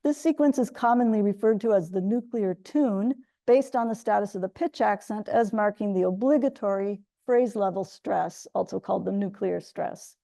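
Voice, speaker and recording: Gravelly-voiced woman giving a lecture. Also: medium pitch, normal speed, hardly any pauses, mellow. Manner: explanatory, methodical, with frequent restarts. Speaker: guest lecturer. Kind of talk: academic lecture.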